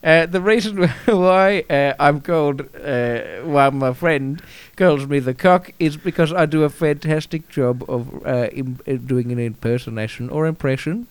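A man co-hosting a comedy podcast, telling rambling stories in a halting way with many restarts. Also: on the high side, smooth, no room sound. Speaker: podcast co-host. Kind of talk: improvised comedy banter.

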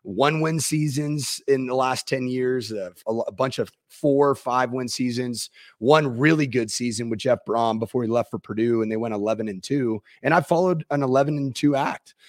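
A man's voice: mid-range voice, moderate pace, hardly any pauses, no room sound, clean studio sound. A man who is a former football coach, co-hosting a casual sports chat, reflective and self-deprecating, laughing easily.

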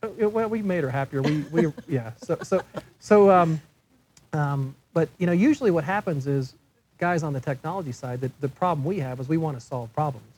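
An older man speaking on a panel, telling a workplace story in a halting way, often repeating words and acting out quoted lines. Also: on the high side, darkish tone, breathy edge, rough recording. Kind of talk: casual anecdote on a panel.

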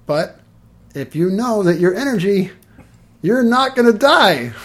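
A man, an energy healer, chatting casually and telling lively stories, swearing and laughing as he goes. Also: high-pitched, unhurried. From Los Angeles. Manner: animated, swears, laughs through his stories. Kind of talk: casual storytelling in conversation.

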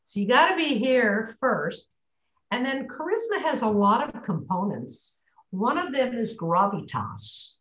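A woman's voice: on the high side, sing-song, unhurried, a bit bright, reverberant, poor audio. A woman working as a voice and pronunciation coach, explaining on a group call and modeling words aloud.

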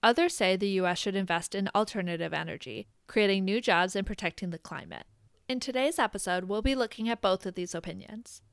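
A woman hosting an informational podcast, reading a script in an even, measured way. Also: medium pitch, smooth, no echo, studio quality. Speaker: podcast host.

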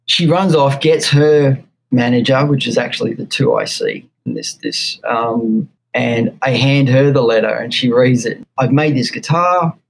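A man with an Australian accent, a guitar maker being interviewed, telling an animated story and acting out the quotes. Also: mid-range voice, unhurried, vocal fry, a little hiss or hum, low-quality recording. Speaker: guest luthier.

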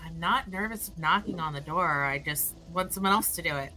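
A woman playing a tabletop game, joking and self-mocking in a casual, quick manner. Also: fairly low pitch, sharp tone, soft background music. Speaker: player.

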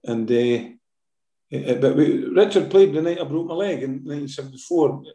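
A man's voice: fairly high pitch, animated, normal speed, dark tone. Older Scottish man, chatty in a roomy space. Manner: chatty, tag questions, many fillers. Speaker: former footballer, guest. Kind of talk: casual interview storytelling.

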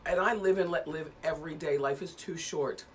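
A woman in her fifties, a talk show host making a measured, self-assured statement to her viewers. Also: sits low, slight background noise. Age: 50s.

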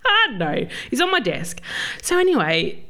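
A woman, co-hosting a podcast as a laughing, swearing, animated storyteller. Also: on the high side, a little slow. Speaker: podcast co-host. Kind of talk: casual chat.

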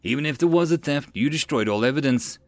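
A man voicing a calm, gentle woman doctor who asks patient questions. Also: mid-range voice, quick pace, no room sound, pitched above the performer's own voice, close to an everyday voice. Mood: wry.

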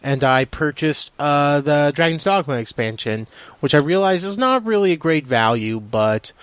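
A man's voice: on the high side, lively intonation, normal speed, fairly bright tone, smooth, no room sound. A young man co-hosting a podcast, chatting casually and riffing on silly, absurd bits in a rambling, goofy way. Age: young adult. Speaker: podcast co-host. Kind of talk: casual comedic banter.

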